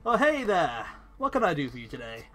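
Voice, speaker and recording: A man's voice: a little high, wildly swooping pitch, fairly quick, pushed and bright, soft background music, heavily acted. A man voicing a cheerful, eager middle-aged shopkeeper in a tabletop game. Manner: friendly and eager.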